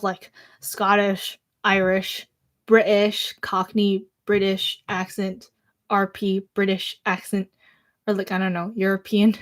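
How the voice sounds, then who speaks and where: A young woman chatting casually on a livestream, replying to viewer comments and laughing often, with lots of "like" fillers. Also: mid-range voice.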